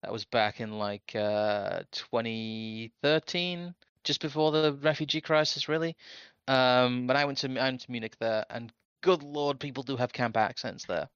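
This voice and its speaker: Man, bright sharp voice, blunt wry casual chat, dry dull lo-fi sound. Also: medium pitch, normal speed, clear, resonant tone, no room sound.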